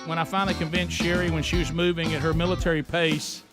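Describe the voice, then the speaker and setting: A man hosting a talk radio show, telling stories in a folksy, animated way. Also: fairly high pitch, quick pace, over music. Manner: folksy storyteller, animated, chuckling. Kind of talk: casual talk radio banter.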